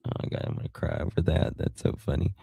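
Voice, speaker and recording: A man's voice: extremely low pitch, big pitch swings, fast talker, creaky, dark tone, slightly rough, dry recording. An American man hosting a livestream, chatting casually and affectionately with viewers, thanking them by name and laughing often. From United States. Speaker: livestream host. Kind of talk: casual chat reading viewer comments.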